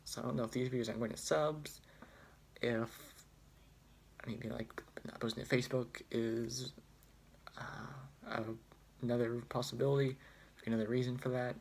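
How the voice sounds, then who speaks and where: A young man talks off the cuff into his phone, wandering between thoughts with plenty of hesitations and a wry, self-deprecating tone. His voice sits at a middling pitch with a noticeable gravelly fry, and faint ambient noise is heard behind him. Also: steady tone, normal speed, long pauses. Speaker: student vlogger. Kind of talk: casual chat.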